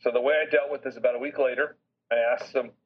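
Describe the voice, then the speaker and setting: Earnest middle-aged man, husky voice. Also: mid-range voice, steady tone. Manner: earnest and heartfelt, reflective pauses. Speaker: business chairman as podcast guest. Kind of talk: candid personal storytelling in an interview. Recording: slightly dull lo-fi recording.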